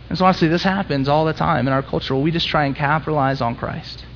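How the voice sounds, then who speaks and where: A man's voice: fairly high pitch, fast, creaky, lo-fi sound, a little hiss or hum. A young man preaching a conversational, emphatic sermon in a church, rising to intense peaks. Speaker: pastor.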